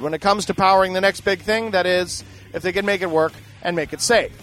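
A man's voice: high-pitched, a bit bright. A man reading tech news aloud and breaking off into profane, sarcastic asides as a podcast host.

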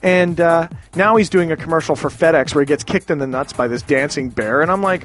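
A man's voice: fairly high pitch, fairly quick, few pauses, fairly bright tone, soft background music. A man from Canada ranting in a rambling, profane way, with many restarts and sudden exclamations. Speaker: ranting commentator.

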